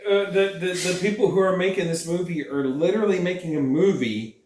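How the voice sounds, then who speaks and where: A man's voice: high-pitched, fairly quick, a little mellow, echoey room, far from the mic. A man chatting casually with his girlfriend, rambling and swearing, breaking into mocking impressions. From Scottish heritage. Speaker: channel host. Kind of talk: casual chat.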